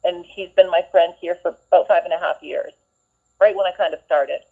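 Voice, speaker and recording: A woman calling in as a guest on a live stream, friendly and flirtatious but quick to defend herself. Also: on the low side, steady tone, creaky. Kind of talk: phone-in banter. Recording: tinny phone line.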